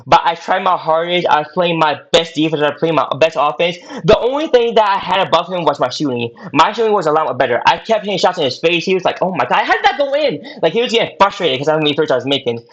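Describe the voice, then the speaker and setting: A man's voice: fairly high pitch, lively intonation, fast, hardly any pauses, a bit bright. Rambling young man, dull lo-fi sound. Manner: rambling, repeats himself, many fillers. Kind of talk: casual storytelling. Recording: dull lo-fi audio.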